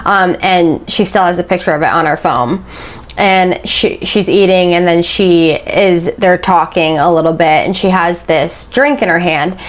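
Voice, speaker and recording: Lowish-voiced woman retelling a story. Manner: chatty, with fillers and restarts.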